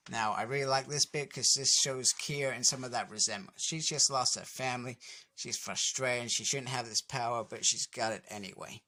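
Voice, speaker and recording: A man's voice: mid-range voice, fairly even intonation, normal speed, bright, forceful tone. A young man casually recapping a comic book issue, rambling with lots of "anyway" and fillers.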